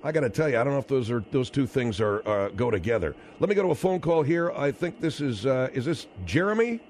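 A man hosting a talk radio show, brisk and conversational as he steers the calls. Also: mid-range voice, lively intonation, a little mellow, slight background noise.

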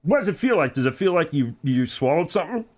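High, needling studio sidekick man. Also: big pitch swings, quick pace, breathy edge. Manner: needling, defensive.

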